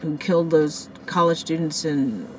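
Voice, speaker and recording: A woman vlogging in a casual storytelling style outdoors, shaken and in shock, talking fast and cursing as she retells a crash and acts out what people said. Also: low-pitched, slight background noise, poor audio. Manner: profane, animated, rants and acts out quotes. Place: outdoors near a parking lot by the beach.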